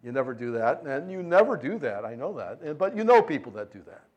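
A man preaching a sermon, reading scripture and explaining it in an expressive, conversational way, moving between loud emphasis and hushed tenderness. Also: mid-range voice, fast. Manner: conversational asides with light chuckles.

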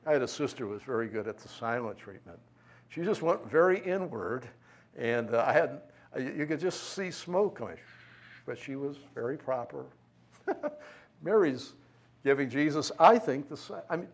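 Expressive preacher man with a higher voice. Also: normal speed. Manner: expressive, swings from loud emphasis to hushed tenderness; conversational asides with light chuckles. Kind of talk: sermon, reading and explaining scripture.

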